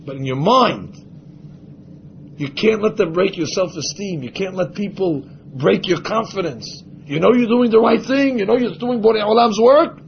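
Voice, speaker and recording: A man's voice: high voice, lively intonation, normal speed, creaky, dull audio, slight background noise. A man teaching a religious class, speaking emphatically and acting out the voices of imagined people. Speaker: Torah teacher.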